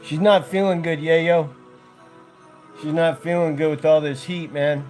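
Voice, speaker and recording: A man's voice: a little high, fairly even intonation, a little slow, darkish tone, faint music behind. Laid-back man chatting to his dogs. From United States. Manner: laid-back, talks to dogs and chat viewers. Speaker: vlogger. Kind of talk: casual livestream chat.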